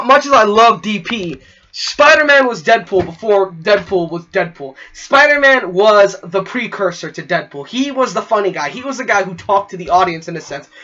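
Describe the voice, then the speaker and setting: A young man with a high, bright voice gushes through a spoiler movie review, tumbling over fillers and snapping into quick acted-out quotes. The recording sounds dull and lo-fi.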